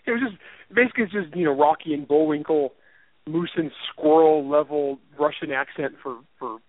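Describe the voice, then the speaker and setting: A man's voice: fairly high pitch, a little fast, no echo. A man, an author and writing teacher, chatting casually in an interview, rambling and self-deprecating and laughing often. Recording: tinny phone line, dry.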